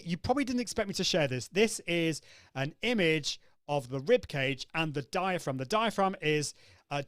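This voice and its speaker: A man's voice: fairly high pitch, dry recording, studio quality. A man hosting a live online coaching session, upbeat and demonstrative, acting out vocal exercises as he explains them. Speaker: host.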